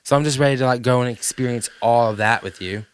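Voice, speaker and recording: A man's voice: mid-range voice, quick pace, slight background noise. Playful Southern-accented man hosting. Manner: animated, playful, laughs a lot. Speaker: podcast host. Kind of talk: casual chat.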